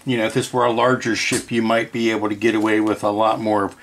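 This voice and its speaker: A man's voice: fairly low pitch, monotone, fast talker, slight background noise. A man giving a casual hobby workshop update on painting scale models, rambling and hesitant, restarting his sentences and teasing himself a little.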